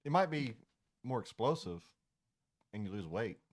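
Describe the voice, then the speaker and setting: A man in his thirties chatting casually before a tabletop game, joking and teasing in a deadpan way. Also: medium pitch, moderate pace. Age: 30s. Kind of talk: casual chat.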